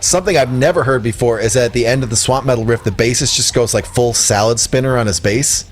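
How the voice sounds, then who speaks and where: A man's voice: mid-range voice, fast talker. Rambling, jokey male podcast host. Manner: rambling, jokey and animated, laughing at his own lines. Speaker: podcast co-host reviewing records. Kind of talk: casual chat.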